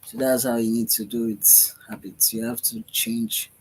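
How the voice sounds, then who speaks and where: A vlogger talks to camera in a rambling, dreamy spiritual self-talk video, meandering, repeating himself, sighing and yawning. His medium-pitched voice is sing-song, creaky and husky at a normal speed, and the recording quality is low.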